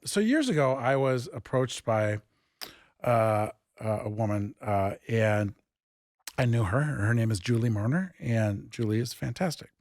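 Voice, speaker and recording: A man who founded an improv theatre, telling stories in a casual interview and acting out the dialogue with lively jumps in pitch. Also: unhurried, no echo, studio quality. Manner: animated, acts out quoted dialogue with big pitch jumps.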